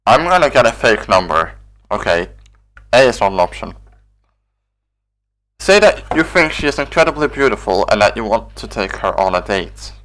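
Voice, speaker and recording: A man's voice: on the low side, very animated, moderate pace, long pauses, fairly bright tone. Sarcastic man commenting on a game. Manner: exasperated, sarcastic, swearing. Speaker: game player. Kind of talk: gameplay commentary.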